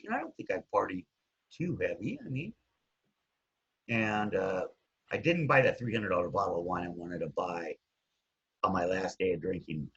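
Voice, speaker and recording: A man's voice: vocal fry, slightly rough. A man in his fifties, a guest telling his own story casually, often trailing off with "anyways". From Hawaii. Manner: animated, jumps up and down in pitch, trails off with "anyways". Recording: dull lo-fi sound.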